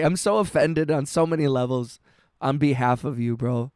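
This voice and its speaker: A man streaming music production, chatting casually with his chat, halting and heartfelt, often restarting and swearing with lots of "bro" and "dude". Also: medium pitch, darkish tone, smooth, no room sound. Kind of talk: casual livestream chat, reading chat messages.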